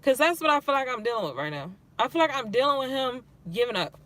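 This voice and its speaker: Frustrated woman venting, bright edgy voice. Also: sits high, expressive, fast talker, no room sound. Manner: frustrated, rambling, swears often. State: close to tears. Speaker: caregiver for her father. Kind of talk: livestream vent, reading chat.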